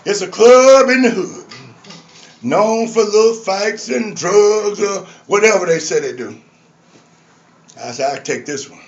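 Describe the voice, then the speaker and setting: A man's voice: high voice, slow pace, pauses often. An older man giving a fiery rally speech on a community stage, preaching with call-and-response to the audience. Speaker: activist speaker. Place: community arts center stage before an audience. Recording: dull lo-fi live recording with crowd.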